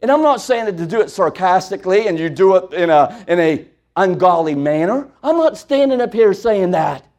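Man, high voice, sermon, fervent, loud then hushed. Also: lively intonation, moderate pace, few pauses. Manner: impassioned preaching that swings from loud to hushed. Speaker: preacher.

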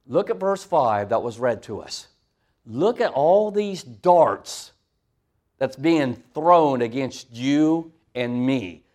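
A preacher giving a conversational sermon, asking the congregation questions. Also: male voice, medium pitch, animated, slow, darkish tone.

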